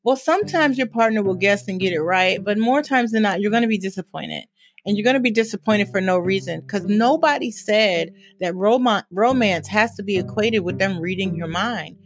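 A woman speaking as a therapist on a podcast, telling stories in a lively way and laughing often. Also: medium pitch, moderate pace. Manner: animated storytelling with frequent laughter. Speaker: therapist guest. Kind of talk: podcast interview.

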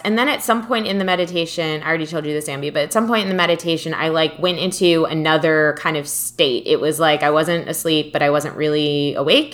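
A young woman co-hosting a relaxed conversation, with a bright, forward tone. She tells stories animatedly, full of fillers and self-corrections. Now and then a casual swear slips in. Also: fairly low pitch.

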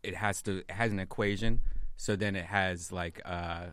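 A man co-hosting a casual podcast, explaining his ideas in halting, rambling sentences. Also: sits low, fairly even intonation, a bit bright, smooth, no room sound. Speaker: podcast co-host.

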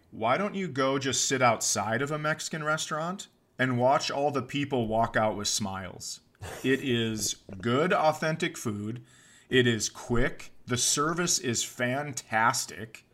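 Man, comedian, comedy podcast co-host, casual chat, bright forceful voice, playful riffing. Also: mid-range voice, animated, measured pace.

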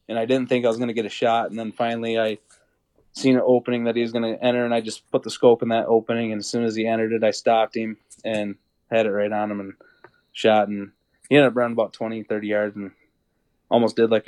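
A man's voice: fairly low pitch, darkish tone, no echo, low-quality recording. A young man, a podcast guest, telling a hunting story in a rambling casual way, full of fillers and acted-out quotes. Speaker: podcast guest, deer hunter.

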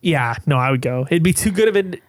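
A man's voice: fairly high pitch, expressive, fast, dry recording. A man, a podcast guest, talking casually in a rambling, earnest way with lots of fillers. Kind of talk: casual chat.

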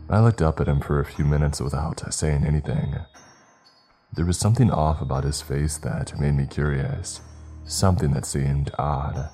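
A man reading a scripted horror story in a steady, measured way. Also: a bass voice. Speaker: narrator. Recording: faint music underneath.

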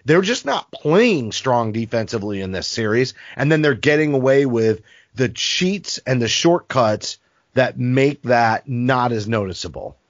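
A man's voice: medium pitch, lively intonation, unhurried, no echo. Male co-host, blunt and profane, fired up; dry, dull lo-fi audio. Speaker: podcast co-host. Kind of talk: casual sports talk.

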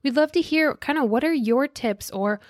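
A woman's voice: high voice, normal speed, darkish tone, no room sound, clean studio sound. A woman hosting a podcast, talking in a bubbly, gushing, chatty way. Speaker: podcast host. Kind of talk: casual podcast chat.

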